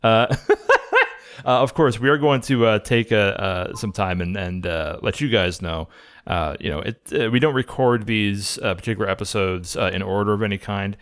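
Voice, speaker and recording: A man's voice: lowish voice, normal speed. A man hosting a casual film podcast, playful and rambling with many filler sounds. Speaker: podcast host.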